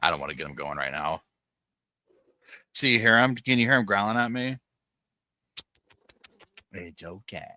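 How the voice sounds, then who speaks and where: Deep-voiced, bright, chatty man. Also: expressive, a little fast, pauses often. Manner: rambling, chatty, lots of "like" fillers, greets chatters by name. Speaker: podcast host. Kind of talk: casual live-stream chat with viewers. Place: home, on a sofa with dogs nearby.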